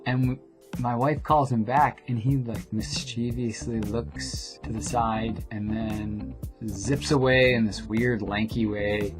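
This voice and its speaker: Young adult male vlogger, mid-pitched, rambling storyteller over background music. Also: fairly even intonation, slow pace. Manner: quiet, low reading of the poem, dropping to a whisper at line ends. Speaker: vlogger and poet. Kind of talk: poem reading then casual storytelling vlog. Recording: music playing behind the voice.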